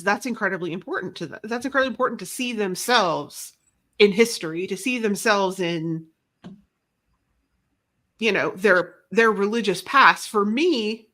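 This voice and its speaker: A woman's voice: mid-range voice, a bit bright. A woman guest talking casually in an interview, rambling and self-deprecating, often restarting her sentences. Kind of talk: casual conversation.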